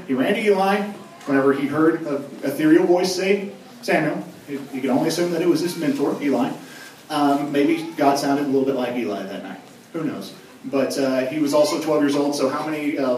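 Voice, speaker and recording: A young male youth pastor preaching in a relaxed, joking way, his voice sitting a bit high. He is heard from a distance in a big church hall full of echo, with faint background hum. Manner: casual, joking, conversational preaching. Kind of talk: sermon. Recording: echoey hall from far off.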